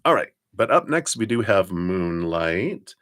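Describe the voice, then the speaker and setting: A man's voice: low-pitched, very animated, measured pace, no room sound, clean studio sound. A man giving tarot readings on a live stream, rambling with many fillers. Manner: rambling, warm spiritual talk with fillers and laughs. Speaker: tarot reader.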